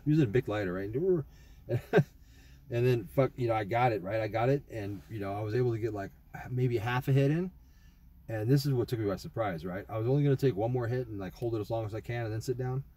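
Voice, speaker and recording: A man's voice: medium pitch, fairly quick, dark tone. A young man casually rambling through a trip report, swearing often and full of fillers and restarts. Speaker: vlogger.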